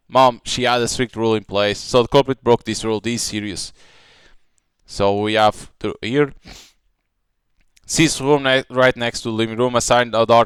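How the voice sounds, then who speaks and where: A man's voice: moderate pace, fairly bright tone, clean tone, dry recording. A man giving live game commentary and reading the story's lines aloud. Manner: reads all characters in one voice, raising pitch for dialogue.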